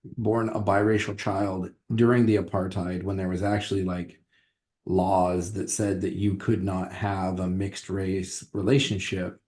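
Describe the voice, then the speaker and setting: A man with a lowish, mellow, relaxed voice talks casually on a podcast. He is a history teacher, and he rambles through his thoughts with restarts and a lot of fillers. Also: a little slow.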